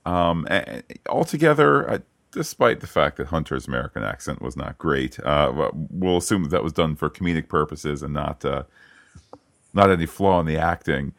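A man co-hosting a podcast, recapping a TV episode in casual, animated chat with frequent restarts and asides. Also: rumbling low, moderate pace, vocal fry, dry recording, clean studio sound. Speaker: podcast co-host.

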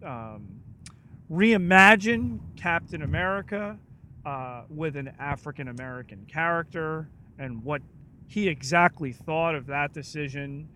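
A man with a fairly high voice co-hosting a casual podcast. He talks very slowly and hesitantly, with dry, sarcastic humor. Faint room ambience can be heard behind him. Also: pushed and bright, a little hiss or hum. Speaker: podcast co-host. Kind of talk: casual chat.

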